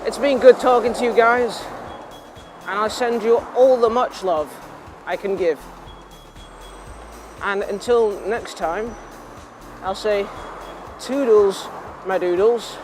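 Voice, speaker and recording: High-voiced, self-mocking lad. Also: male voice, slow pace, pauses often, faint music behind. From England. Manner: self-mocking, laughs often, trails into tangents. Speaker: vlogger. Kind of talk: rambling casual storytelling.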